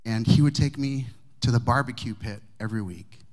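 A man preaching, a pastor telling a personal story to his congregation with humor and warmth of delivery. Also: medium pitch, fairly quick. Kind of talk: sermon storytelling. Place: church sanctuary with congregation.

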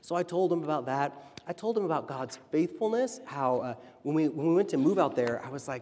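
A man in his thirties leads a sermon and keeps sliding into animated, chatty stories. His voice sits fairly high. The sound rings with the long reverb of a church hall. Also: fairly quick, hardly any pauses, a little hiss or hum. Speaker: church leader. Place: church sanctuary.

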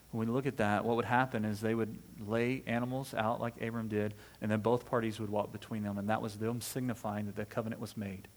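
A man's voice: mid-range voice, long reverb tail. A man delivering a sermon as a pastor, conversational and full of rhetorical questions, often checking in with "right?".

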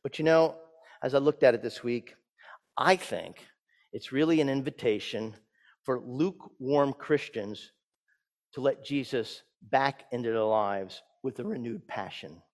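A man pastor giving a sermon, swinging from loud emphatic peaks down to soft hushed lines. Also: mid-range voice, unhurried. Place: church sanctuary. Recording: church sanctuary with long reverb.

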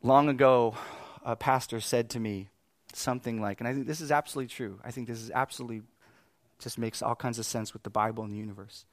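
A man in his thirties preaching, telling a family story with animated swings between exasperated outbursts and quiet reflection. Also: mid-range voice, fast talker, no room sound. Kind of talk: sermon storytelling.

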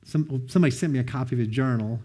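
A man sharing a personal testimony, earnest and heartfelt, often quoting others with lively bursts of emphasis. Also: medium pitch, very fast. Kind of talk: heartfelt storytelling talk.

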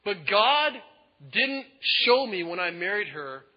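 A male pastor preaching a sermon in an animated way, acting out quotes in different voices. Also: high-pitched, slow pace. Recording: echoey hall, dull lo-fi sound.

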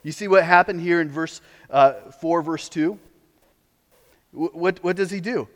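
High-voiced male preacher in reverberant hall. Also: measured pace. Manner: animated, switches to mocking voices when quoting opponents. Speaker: pastor. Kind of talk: sermon.

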